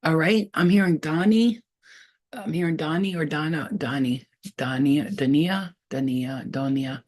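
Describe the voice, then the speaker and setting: Talking straight to the camera, a streetwise psychic with a husky, breathy, low voice and darkish tone does a spiritual reading for her viewers. She's casual, blunt, and swears freely, repeating herself for emphasis, and she halts and trails off while trying out half-heard names.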